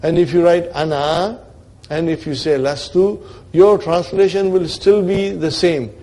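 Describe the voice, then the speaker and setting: A man teaching a grammar lesson in a somewhat high, mellow voice. He walks his students through each point with rhetorical questions and keeps checking that they are following him. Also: fairly even intonation, unhurried. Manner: checks in often with "are you with me" and "brother"; explains step by step with rhetorical questions. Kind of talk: classroom lecture.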